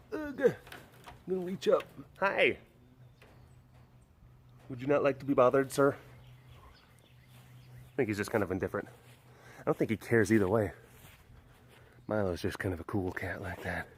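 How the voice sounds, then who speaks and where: Filming outside at a big cat sanctuary, this man has a fairly low voice with slight background noise. He chats casually to the camera and the tigers, teasing them and lapsing into baby talk.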